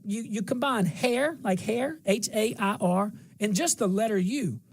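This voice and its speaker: A man's voice: high voice, measured pace, vocal fry. A middle-aged man from central Louisiana with a slight twang, hosting a talk show in a folksy, rambling monologue that repeats phrases for emphasis.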